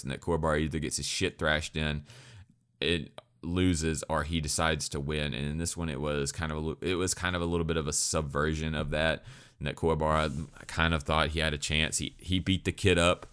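A man's voice: extremely low pitch, a bit bright, clear, resonant tone. A man giving a rambling, profane spoken review, full of restarts and stutters. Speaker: anime reviewer.

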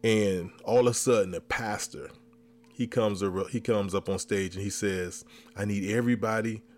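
Animated male podcast storyteller. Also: lowish voice, normal speed. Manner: animated, re-enacts his own reactions. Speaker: podcast host. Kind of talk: comedic storytelling.

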